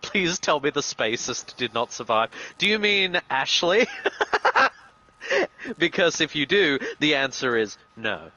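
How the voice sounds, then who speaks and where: A man giving casual commentary on a game, eager to explain trivia about the cast and story. His voice is bright and forceful with very lively pitch movement, while his microphone sounds dull and lo-fi. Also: measured pace. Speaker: co-streamer. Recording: dull lo-fi mic.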